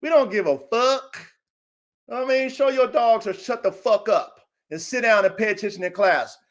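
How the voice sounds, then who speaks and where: A man's voice: sits high, normal speed. A man hosting his own dog-training channel, talking in a brash, taunting, profane livestream rant, tacking "man" onto nearly every line.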